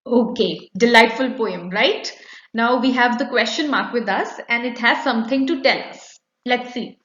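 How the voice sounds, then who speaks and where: A woman teaching a grammar lesson to young children online, lively and encouraging, often checking in with the kids. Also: fairly high pitch, normal speed. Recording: echoey, slightly dull recording.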